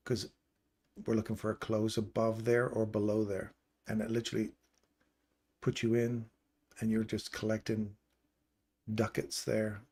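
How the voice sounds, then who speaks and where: Host voice, male, lowish pitch, casual chart-walkthrough delivery, explanatory and conversational. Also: completely flat delivery, unhurried, pauses often, darkish tone. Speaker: trading stream host. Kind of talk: live trading chart walkthrough.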